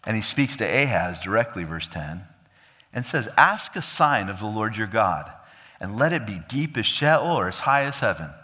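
A man preaching an expository sermon, swinging from emphatic high peaks to low, quiet drops and acting out quoted dialogue. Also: sing-song, moderate pace, big-room sound. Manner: acts out quoted dialogue of God and king. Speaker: pastor.

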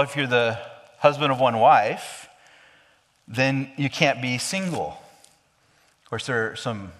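A man's voice: medium pitch, fairly bright tone. A man preaching a sermon, explaining scripture with emphatic, questioning delivery. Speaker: pastor. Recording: long hall reverb.

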